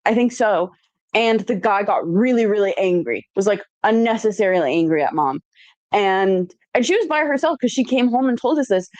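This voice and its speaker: A young woman telling a family story in casual chat, plain and steady. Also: mid-range voice, normal speed, dry recording, dull audio.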